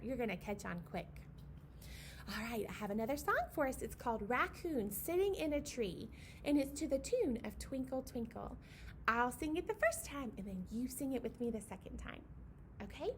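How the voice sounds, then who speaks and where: A young woman's fairly high voice leads babies through a library storytime, bringing a picture book to life with playful sing-song reading and animal noises. There's slight hiss or hum in the background.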